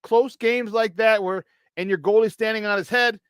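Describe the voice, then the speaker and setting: High-voiced, animated man hosting sports talk. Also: clean tone, dry recording. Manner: animated, jokey, quick laughs and restarts. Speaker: sports talk show host. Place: radio studio.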